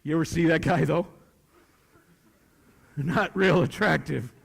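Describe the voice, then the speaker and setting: Man, middle-aged, high voice, folksy motivational speech, joking, asking questions, long hall reverb. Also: a little slow, vocal fry, husky. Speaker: speaker at a student leadership academy. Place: large hall with a student audience.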